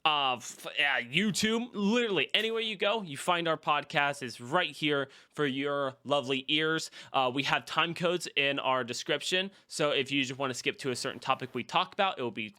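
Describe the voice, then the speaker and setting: A man's voice: a little high, moderate pace, few pauses, sharp tone. A young man hosting a casual podcast, enthusiastically plugging his channels and sponsor with frequent fillers. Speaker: podcast host. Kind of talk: casual podcast chat and self-promotion.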